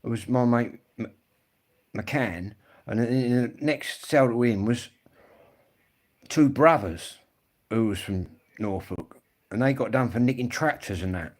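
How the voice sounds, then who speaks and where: In a mid-range voice at a measured pace with long pauses, a man hosts a casual live stream and talks directly to his viewers. He rambles from story to story, swearing freely in a blokey, matter-of-fact manner.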